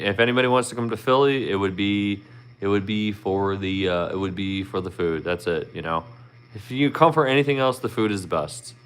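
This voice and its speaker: A man's voice: low-pitched, a bit bright, smooth. A man from Philadelphia with a Philly accent, casually chatting with viewers on his live stream, asking them questions and laughing often. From Philadelphia, Pennsylvania. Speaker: YouTuber hosting a live stream.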